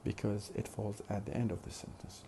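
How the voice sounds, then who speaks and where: Low, gravelly male lecturer, slow and deliberate. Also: steady tone, background noise. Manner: slow, deliberate explaining, repeating example phrases, often hesitating with "uh". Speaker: phonetics lecturer. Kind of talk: recorded university lecture.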